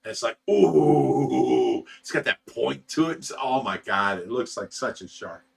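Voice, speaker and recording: A mid-range, husky, creaky voice that sounds pushed and bright belongs to an American man hosting a casual fish rescue livestream. Animated and at a moderate pace, he reads viewer comments aloud, often chuckling and trailing off with "you know."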